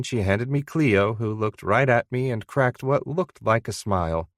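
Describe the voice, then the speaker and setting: A man narrating a first-person novel audiobook in a steady, even storytelling manner. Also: lowish voice, measured pace, no echo, clean studio sound.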